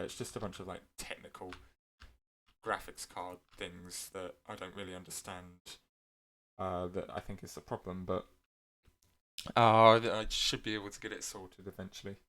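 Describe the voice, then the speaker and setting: Guy with a lowish voice chatting over a game, voice keeps cracking, lots of uhs and correcting himself. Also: a bit bright. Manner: rambling, many fillers and self-corrections. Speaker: gameplay video creator. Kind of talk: casual gameplay commentary.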